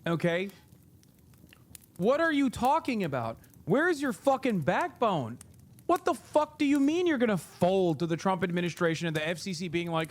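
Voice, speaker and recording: Furious high-voiced male streamer. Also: sing-song, normal speed. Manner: heated, profane, repeating phrases for emphasis. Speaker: streamer host. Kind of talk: angry live-stream rant.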